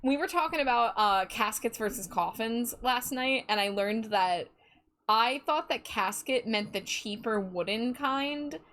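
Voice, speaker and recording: A woman's voice: a little high, animated, measured pace, a bit bright. A young woman with a Midwestern accent, chatting casually and playfully with her live chat as a streamer, laughing often. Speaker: livestreamer.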